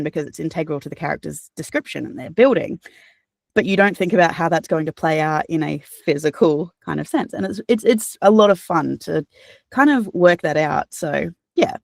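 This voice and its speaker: An Australian woman, a voice actor and audiobook narrator, answering interview questions in a chatty, animated way with fillers and restarts. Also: lowish voice, gravelly, dry recording, clean studio sound.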